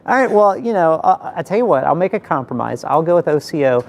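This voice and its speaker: A man's voice: on the high side, animated, quick pace, vocal fry, a little mellow. A man hosting a webcast interview, asking questions in a joking, bantering way. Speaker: host. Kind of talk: casual interview.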